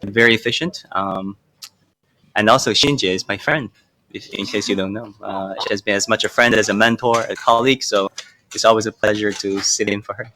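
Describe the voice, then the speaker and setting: A man's voice: on the low side, a little fast, slight background noise. Man hosting a live news show. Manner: relaxed banter off air, crisp scripted delivery on air. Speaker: stand-in host.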